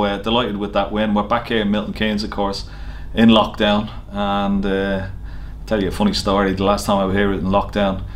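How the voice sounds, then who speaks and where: A snooker player with a fairly low-pitched voice casually tells an anecdote to the camera at a snooker venue. He's a chatty storyteller, full of fillers and easy laughter, and the recording carries a little hiss or hum.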